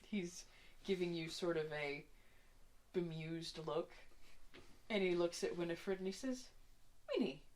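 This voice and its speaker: Low-voiced woman running a tabletop game. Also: steady tone, measured pace, long pauses, darkish tone, slight background noise. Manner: chatty, laughs easily, describes scenes with asides. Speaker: game master.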